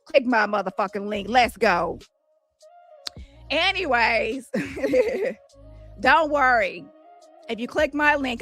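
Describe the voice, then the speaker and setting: A woman with a fairly high voice rants into her phone on a livestream, taunting and cursing at her target. Her delivery is loud and mocking. Faint music plays underneath. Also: expressive, slow, pauses often. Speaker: livestream host. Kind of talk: combative livestream rant.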